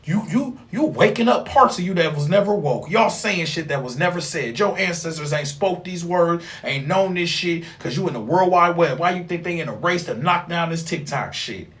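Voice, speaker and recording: Young man, slightly high voice, animated and profane, rambling vlog monologue. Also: moderate pace, hardly any pauses. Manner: animated, profane, rambling, with sudden loud outbursts. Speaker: spiritual vlogger. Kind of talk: casual spiritual monologue.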